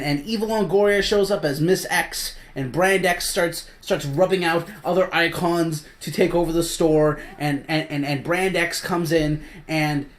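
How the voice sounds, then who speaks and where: A woman hosting a casual review chat, swearing often and exasperated, breaking into loud shouts. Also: on the low side. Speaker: host.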